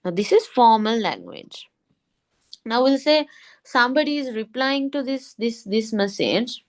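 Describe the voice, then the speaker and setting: A woman's voice: on the high side, expressive. Woman teaching in an online class. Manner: explains by repeating points, asks quick checking questions. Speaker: English teacher.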